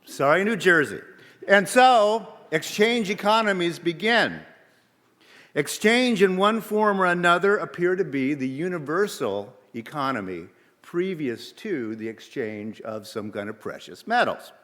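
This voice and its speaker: A man, a minister, giving a sermon in a measured, deliberate way, often posing rhetorical questions, in a church sanctuary. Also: a little high, animated, a bit bright. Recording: long reverb of a large hall.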